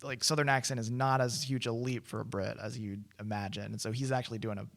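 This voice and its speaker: A man's voice: mid-range voice, fairly even intonation, fast talker, creaky, a bit bright. A man co-hosting a podcast, chatting casually about a movie and rambling with little quoted impressions. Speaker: podcast co-host.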